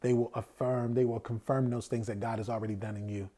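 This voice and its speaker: Mellow-voiced man preaching conversationally. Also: mid-range voice, level tone, fairly quick. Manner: asks rhetorical questions and answers them himself; acts out quoted voices. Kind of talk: conversational sermon.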